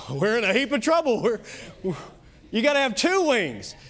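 Male pastor with a Kentucky accent, high voice, emphatic sermon delivery. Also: huge pitch swings, some chatter behind. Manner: emphatic preaching, swinging loud and soft, quick asides.

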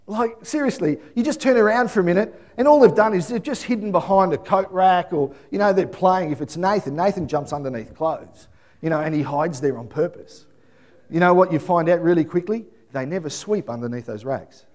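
A man, middle-aged, preaching a sermon and telling family stories with lively acted-out voices. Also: a little fast. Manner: animated storytelling, acts out voices, high excited calling. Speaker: pastor.

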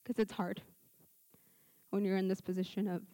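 A woman's voice: mid-range voice, level tone, normal speed, mellow, dry recording. A young woman sharing a personal testimony at church, telling it as a story with acted-out dialogue. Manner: storytelling, acts out quoted dialogue. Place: church service. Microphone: handheld mic.

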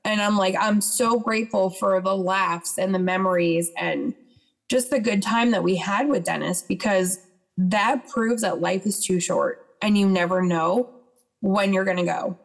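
A woman's voice: medium pitch, unhurried, vocal fry. A woman as a podcast guest, chatting and retelling events with quoted dialogue. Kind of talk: casual storytelling interview.

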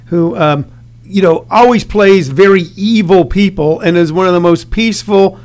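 A man's voice: high voice, normal speed, darkish tone. A man interviewing a guest, rambling and hesitant, with many fillers. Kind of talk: conversational interview.

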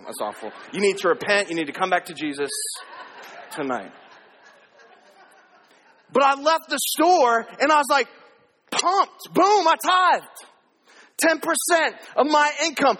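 A man with a high, bright voice preaches a sermon to his congregation. He is lively and cracks jokes as he goes. His voice rings out in a church hall with a long echo. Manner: energetic, joking asides to the congregation. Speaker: pastor. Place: church auditorium. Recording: echoey hall.

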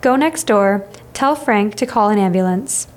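A woman reading the lines of an injured old woman who runs a tea shop, with a raspy, strained, tight voice. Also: medium pitch, animated, a little slow, natural voice. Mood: pained. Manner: tight, pained.

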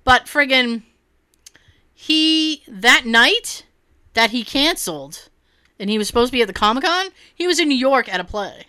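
A woman co-hosting a casual podcast chat, animated, laughing often and swearing freely. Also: high-pitched, moderate pace, clear, resonant tone, no echo, clean studio sound. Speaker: podcast co-host.

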